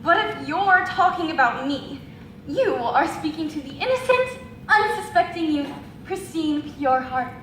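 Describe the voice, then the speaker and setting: A woman's voice: high-pitched, animated, measured pace, fairly bright tone. A woman playing a prim innocent maiden. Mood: indignant. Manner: prim, theatrical old-fashioned speech. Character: prim, innocent young maiden, haughty and sharp-tongued. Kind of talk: amateur stage comedy acting. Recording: echoey live hall with faint noise.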